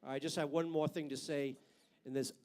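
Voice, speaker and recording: A man's voice: on the high side, little pitch movement, normal speed, darkish tone. An older man doing a stand-up comedy routine on a club stage with a handheld mic, brash and profane, landing punchlines hard.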